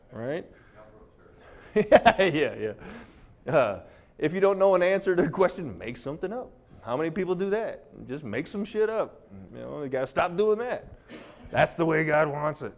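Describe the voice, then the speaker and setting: A man giving a live presentation to an audience, animated and sarcastic, saying he gets fired up and charged up. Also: a little high, moderate pace.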